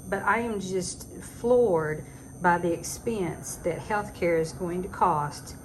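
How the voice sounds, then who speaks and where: In a rough recording with clear background noise, a woman in her sixties rants at home for her vlog, speaking slowly in a lowish voice. Once a teacher and now retired, she's chatty and exasperated, throwing in sarcastic remarks.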